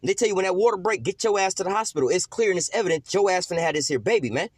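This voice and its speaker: A man preaching a casual street-style sermon, slangy and profane, with frequent drawn-out "uh" fillers between phrases. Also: sits high, animated, no room sound. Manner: slangy, profane, repeats "you know what I'm saying"; fills pauses with drawn-out "uh".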